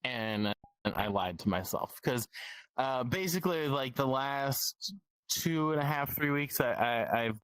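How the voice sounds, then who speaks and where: A man's voice: mid-range voice, animated, measured pace, a bit bright, clean tone, no echo, rough recording. A man talking as a guest on a casual stream interview, rambling and repeating words while he thinks.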